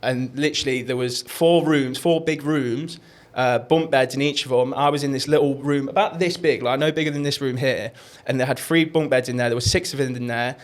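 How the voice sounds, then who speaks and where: A man's voice: medium pitch, steady tone, a little fast, hardly any pauses. A young man, rambling through travel stories in casual podcast chat and swearing freely. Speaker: podcast co-host.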